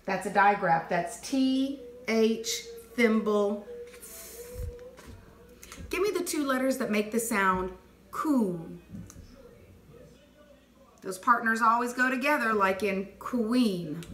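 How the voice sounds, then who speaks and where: A woman teacher leading a phonics dictation lesson, clearly sounding out letters and words and praising answers. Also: a little high, fairly bright tone. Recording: echoey room with faint noise.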